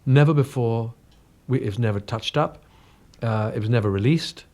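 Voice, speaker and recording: A man's voice: mid-range voice, moderate pace, darkish tone. Chatty older Englishman from North London. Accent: English, slightly Cockney and northern. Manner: chatty, anecdotal, self-deprecating, frequent restarts. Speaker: guest singer. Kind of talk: casual interview chat. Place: radio studio.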